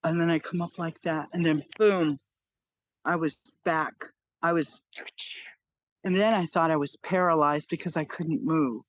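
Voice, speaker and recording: An older woman with grandchildren, earnestly recounting a personal near-death experience in an animated, repetitive way. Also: low voice, unhurried, no room sound, lo-fi sound. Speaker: storyteller.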